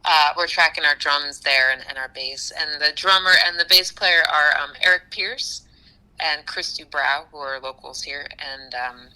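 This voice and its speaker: Bright-voiced low woman musician chatting. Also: normal speed, poor audio. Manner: animated, laughs often, many fillers. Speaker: musician guest. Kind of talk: casual interview chat.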